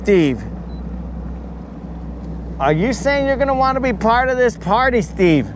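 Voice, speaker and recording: A man's voice: very high voice, big pitch swings, a little slow, noisy background. A man chatting and joking with his live viewers while fishing from a boat on a lake. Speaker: fishing livestreamer. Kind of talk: casual live-stream chat.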